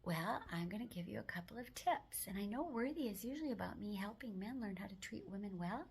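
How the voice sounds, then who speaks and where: A woman hosting a self-help video, talking gently and mostly in a whisper, with firmer spoken phrases now and then. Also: medium pitch, animated, brisk, breathy edge.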